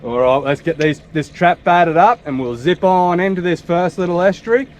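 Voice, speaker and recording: An Australian man with a fairly high voice chats easily to his viewers from a small boat. His talk is relaxed and full of slang. An action camera picks him up over clear engine and wind noise. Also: moderate pace. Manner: laid-back and chatty, with a broad slangy drawl. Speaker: fishing vlogger. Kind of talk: casual vlog talk to camera. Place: small open boat on the water. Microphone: action camera mounted on the boat.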